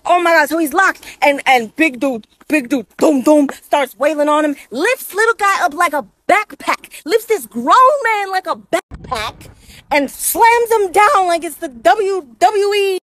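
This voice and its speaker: A woman with a very high, bright-pitched voice tells a comic story. She exclaims and acts out each moment in an animated storytime manner.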